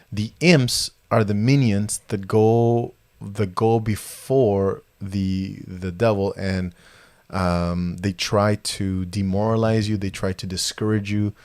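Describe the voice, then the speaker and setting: A man's voice: on the low side, a little mellow, no room sound. A man hosting a podcast in casual chat, rambling with many fillers and restarts. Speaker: podcast host.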